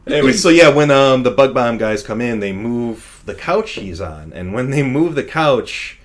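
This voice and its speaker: A man's voice: mid-range voice, animated, moderate pace. A young man co-hosting a podcast and recapping a movie in casual chat. He rambles, laughs often and swears freely. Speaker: podcast co-host reviewing a movie.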